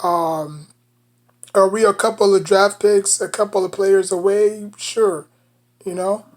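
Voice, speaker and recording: A woman's voice: mid-range voice, steady tone, slow. A woman with a New York accent giving casual basketball commentary as a sports vlogger, rambling and leaning on "you know" between thoughts.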